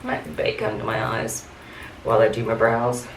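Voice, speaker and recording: Here the woman has a bass voice, a level tone, and normal speed, plus a gravelly fry and a chatty habit of saying "like" and "um." She's a beauty vlogger telling a casual story as she does her makeup at home. There's room echo and a faint hiss.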